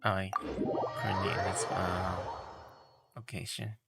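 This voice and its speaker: A man live-streaming a game walkthrough, talking in a halting, mumbled way with many fillers. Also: low voice, little pitch movement, vocal fry. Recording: loud game music behind.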